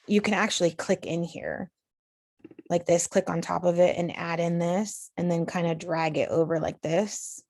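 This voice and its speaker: Woman teacher doing a recorded lesson, bit of vocal fry, dry close sound, explains things patiently. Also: fairly low pitch, a little mellow, no echo. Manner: patient, explanatory, talks students through steps. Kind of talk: recorded online lesson walkthrough.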